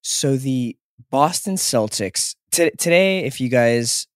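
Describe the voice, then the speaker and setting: A man co-hosts a relaxed podcast from a hotel room. He jokes, teases and laughs easily, with casual swearing. The sound is dry and close. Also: mid-range voice, slow, dry recording. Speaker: podcast co-host.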